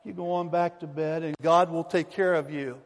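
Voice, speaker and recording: A man voicing a groggy, half-asleep mother who gently reassures her son. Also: a little high, fairly even intonation, moderate pace, natural voice. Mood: soothing. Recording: long reverb of a church hall.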